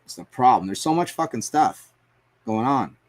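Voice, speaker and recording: A man's voice: medium pitch, expressive, normal speed. A man live streaming as he paints, rambling to himself and his chat in a casual, profane way. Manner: rambling, talks to himself and chat, swears often.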